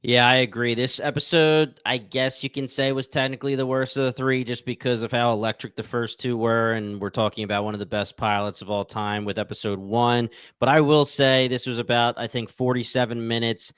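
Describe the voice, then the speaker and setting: A man hosting a casual TV podcast, energetic and chatty, talking straight to his listeners. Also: medium pitch, fairly quick, few pauses, clean tone, no echo. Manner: energetic, promotional, talks to listeners directly. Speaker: podcast host.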